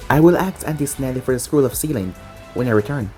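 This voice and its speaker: A narrator voicing a cold, determined young male ninja who speaks flatly and resolutely, over faint music. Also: mid-range voice, quick pace, lightly acted.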